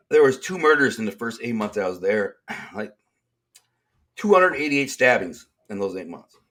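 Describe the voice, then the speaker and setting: A man's voice: mid-range voice, moderate pace. Streetwise Detroit man telling prison stories. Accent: Detroit, Michigan. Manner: streetwise, animated, acts out quoted dialogue. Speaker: interview guest, author. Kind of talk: storytelling in casual interview.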